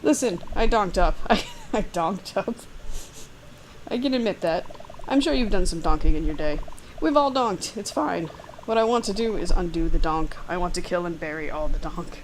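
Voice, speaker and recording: A woman's voice: fairly low pitch, normal speed, a little hiss or hum, close to an everyday voice, low-quality recording. A woman voicing a wry, conspiratorial young woman, reading an interactive text game aloud.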